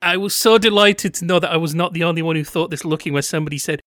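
A man's voice: on the high side, fast talker, fairly bright tone, no room sound, clean studio sound. A man hosting a casual discussion, wry and analytical as he leads the talk. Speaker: podcast host.

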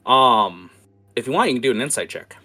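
A man's voice: medium pitch, expressive, fairly quick, bright, forceful tone. A man narrating a tabletop game as game master, in a casual, rambling way. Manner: casual, many fillers and restarts.

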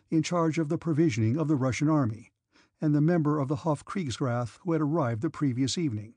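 A man narrating a classic novel as an audiobook in a steady, measured reading. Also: mid-range voice, breathy edge, dry recording, clean studio sound.

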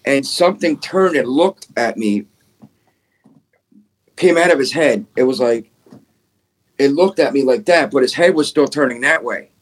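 A man, a paranormal investigator guest, telling his encounters in an excitable, casual way, full of "dude" and "man" and some swearing. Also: mid-range voice, unhurried, pauses often. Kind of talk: casual storytelling.

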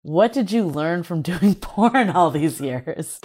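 A woman's voice: on the low side, expressive, takes it slowly, a little mellow, soft background music. A woman co-hosting a casual podcast interview, asking questions with lots of fillers. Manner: asks questions with many fillers. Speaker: podcast co-host.

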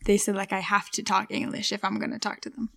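A young woman whose first language is Norwegian, speaking English in a hesitant, soft-spoken way during a casual chat. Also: medium pitch, flat delivery, fast talker, vocal fry, no echo, clean studio sound. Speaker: dance student.

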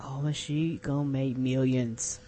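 A woman's voice: a bass voice, fairly even intonation, unhurried, mellow. A woman co-hosting a podcast, talking in loose, slangy casual chat. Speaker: podcast co-host.

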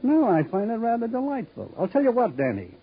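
An actor playing a suave, sardonic gangster boss in a 1950s radio drama, with a silky, languid, ironic drawl. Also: male voice, very high voice, huge pitch swings, fairly quick, slightly rough, heavily acted. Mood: silky mocking. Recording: dull old radio broadcast recording.

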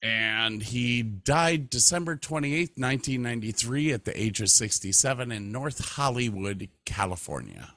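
A man's voice: medium pitch, normal speed, few pauses, no echo, studio quality. A man co-hosting a podcast in casual chat, reading facts aloud and reacting. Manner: reads facts aloud with lively, animated delivery. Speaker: podcast co-host.

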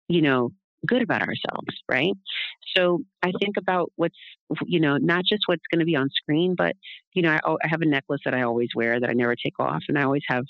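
A woman's voice: deep voice, creaky, no room sound. A woman speaking as an interview guest in casual, rambling talk, often checking in with a tag question. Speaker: guest, doula. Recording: dull, lo-fi, dry.

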